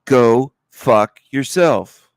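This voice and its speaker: A man ranting bluntly on his livestream, cursing freely and dropping scornful laughs. His pitch sits in an ordinary middle range. The sound is close and dry. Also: lively intonation, extremely slow, dry recording. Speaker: livestream host. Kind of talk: angry rant.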